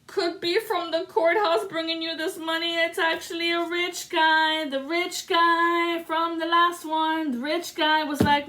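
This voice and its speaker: A woman's voice: very high-pitched, flat delivery, a little slow, hardly any pauses, pushed and bright. A woman giving a solo spiritual card reading to camera, dramatic and sassy, with salty asides. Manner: dramatic and sassy, swearing and breaking into sung lines. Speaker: tarot reader.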